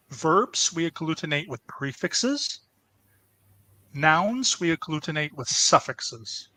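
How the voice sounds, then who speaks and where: Slow, bright-voiced man explaining grammar. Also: a little high, no room sound, poor audio. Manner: patient, step-by-step explaining. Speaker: language presenter. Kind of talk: explanatory language lesson.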